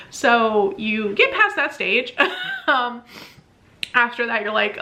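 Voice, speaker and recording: A woman's voice: a little high, wildly swooping pitch, measured pace, pushed and bright. A woman vlogger casually telling a personal story, chatty and laughing often, acting out what she said back then. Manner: chatty, laughs often, acts out her own past lines.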